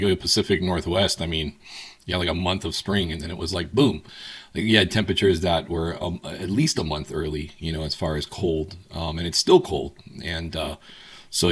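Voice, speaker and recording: A man's voice: low voice, slightly rough. A man co-hosting a market show, talking casually with many fillers. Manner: relaxed, many fillers like um and you know. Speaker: co-host.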